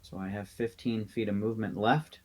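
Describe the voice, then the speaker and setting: A man's voice: fairly low pitch, fairly even intonation, moderate pace, a little mellow. A man playing in an online tabletop game, chatting casually and thinking his moves through aloud with many ums.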